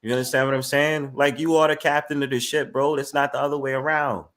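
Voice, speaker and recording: A man talks loosely on a podcast panel, full of street slang and swearing. He keeps checking that his listeners follow him, and his voice sits at an ordinary middle pitch. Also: flat delivery, fast talker, a bit bright. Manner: streetwise slang, profane, keeps asking "you feel me". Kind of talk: casual panel chat.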